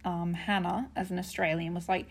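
A woman's voice: on the low side, level tone, normal speed, creaky. A young woman co-hosting a podcast, gushing enthusiastically about reality television in casual chat. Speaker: podcast co-host.

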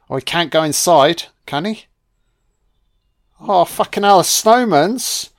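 Speaking slowly and pausing often, this high-pitched man riffs on a movie with profane humor. His tone stays sarcastic, deadpan, and full of swearing.

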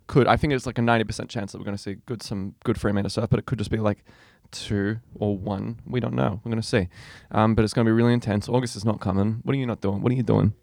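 A man's voice: on the low side, steady tone, gravelly, a little mellow, no room sound, studio quality. A man hosting a podcast, chatting casually and rambling through jokey stories. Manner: rambling storyteller, quick and jokey. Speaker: podcast host. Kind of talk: casual chat.

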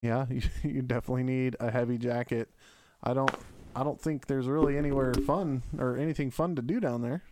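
A man's voice: medium pitch, fairly even intonation, fairly quick, darkish tone, a little hiss or hum. A man hosting a casual family podcast, asking his kids easygoing questions. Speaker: podcast host, dad.

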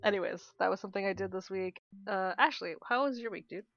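A young woman co-hosting a podcast, telling a story in a casual, animated way, swearing often and acting out what people said. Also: mid-range voice, fast talker, vocal fry, no echo. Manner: animated storyteller, swears a lot, acts out quotes. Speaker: podcast co-host. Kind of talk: casual chat. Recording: dull lo-fi sound.

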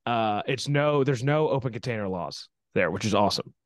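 A man's voice: fairly low pitch, expressive, brisk. A young man co-hosting a podcast, telling stories in a rambling casual way with lots of fillers. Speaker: podcast co-host. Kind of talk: casual chat.

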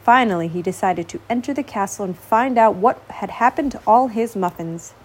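Brief: gentle storybook narrator, woman, slow and expressive, gently dramatic. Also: mid-range voice. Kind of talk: storybook read-aloud.

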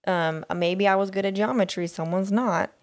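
A woman's voice: medium pitch, moderate pace. A woman co-hosting a podcast, talking in a rambling, hesitant way and searching for her words. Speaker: podcast co-host. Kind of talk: casual chat.

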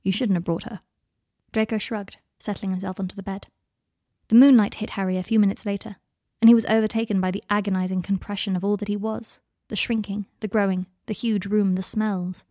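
A woman's voice: mid-range voice, level tone, fairly quick, warm tone, no echo. Woman host reading her story, dry and close. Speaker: podcast host reading her own fanfiction. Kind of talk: storybook narration.

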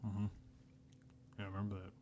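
A man's voice: on the low side, completely flat delivery, brisk, mellow, lo-fi sound. A man in casual chat, laughing often and joking crudely.

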